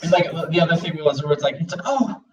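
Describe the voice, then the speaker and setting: A man's voice: fairly high pitch, fairly even intonation, rapid-fire, distant mic, dull audio. A man co-hosting a casual world-building chat, rambling with lots of fillers and acting out little bits. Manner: rambling, full of "like" and "you know", acts out bits. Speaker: podcast co-host.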